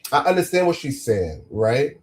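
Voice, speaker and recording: A man's voice: medium pitch, big pitch swings, normal speed, darkish tone. Slangy casual male podcast host. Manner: loose and slangy, many false starts. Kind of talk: casual chat.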